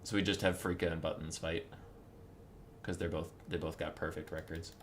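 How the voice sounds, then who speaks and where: A man hosting a game tournament, giving live commentary in an excitable way, laughing and swearing. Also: a bass voice, moderate pace, a little hiss or hum. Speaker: tournament host and caster.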